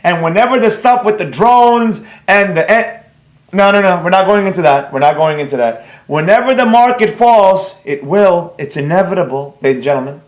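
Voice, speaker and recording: Man, high voice, blunt, rambling, scolding trading teacher, live class, roomy echo. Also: animated, normal speed. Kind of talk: live class, reading chat.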